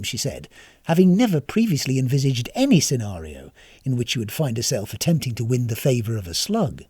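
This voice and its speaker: Storybook narrator, wry, expressive, husky, dry recording. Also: medium pitch, brisk, no room sound.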